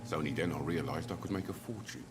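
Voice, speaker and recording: Deep, cynical scheming doctor. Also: male voice, quick pace, noisy background. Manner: unapologetic, blunt. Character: cynical male doctor running a bribery scam.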